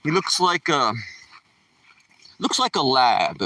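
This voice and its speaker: A man's voice: mid-range voice, very animated, unhurried, long pauses, sharp tone, recorded from a distance. A man livestreaming casually, rambling in a folksy way and chatting to viewers by name. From Pennsylvania. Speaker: livestreaming vlogger. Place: outdoors by a lake, walking a dog.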